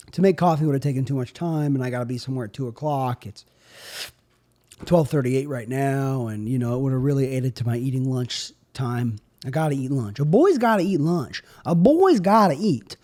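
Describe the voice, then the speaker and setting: A young man hosting a solo podcast, riffing on absurd bits in a rambling, offhand way. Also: normal speed. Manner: absurd deadpan riffing, drifting in pitch and loudness. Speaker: podcast host.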